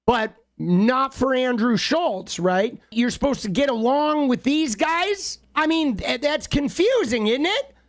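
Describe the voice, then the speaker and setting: A woman's voice: high voice, animated, a little slow, few pauses. A woman co-hosting political commentary on a livestream, sarcastic and full of rhetorical questions. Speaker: livestream co-host.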